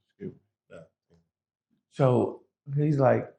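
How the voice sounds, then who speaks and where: A man's voice: mid-range voice, takes it slowly, creaky, pauses often. A man telling a prison story in a casual, profane way, acting out the other people's voices. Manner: profane, animated, acts out quoted voices.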